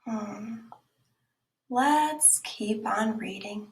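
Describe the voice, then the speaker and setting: A woman teacher reading a picture book aloud for children, slow and emphatic, often dropping into whispers. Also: mid-range voice, vocal fry. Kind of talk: children's read-aloud lesson. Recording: echoey room.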